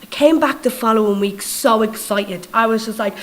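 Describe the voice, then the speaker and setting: A woman's voice: on the high side, normal speed, rough recording. A woman with an Irish accent giving a storytelling sermon as a guest preacher, acting out dialogue and checking in with her listeners. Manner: lively, acts out dialogue in quoted voices; conversational, checks in with the audience.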